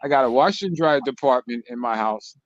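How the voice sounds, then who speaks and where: A man telling lively stories in a casual online group chat. He swears freely, laughs a lot and mimics the lines of other people. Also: mid-range voice, a little fast, no echo, highs cut off. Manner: animated storyteller, profane, mimics others' lines, laughs often. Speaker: channel host telling stories to co-hosts.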